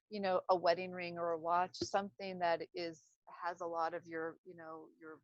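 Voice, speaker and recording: A woman's voice: lowish voice, darkish tone, no room sound. Woman talking casually, dull lo-fi recording. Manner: rambling, searching for words, frequent restarts. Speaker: speaker on trauma recovery. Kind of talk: casual unscripted talk to camera.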